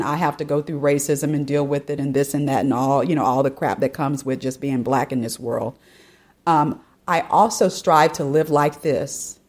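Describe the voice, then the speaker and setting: A woman's voice: low voice, darkish tone. A woman hosting an opinion podcast, reading a news story aloud and talking it through in a chatty way, often turning straight to her listeners. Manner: chatty, addresses listeners directly, frequent "you know" and asides. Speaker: podcast host.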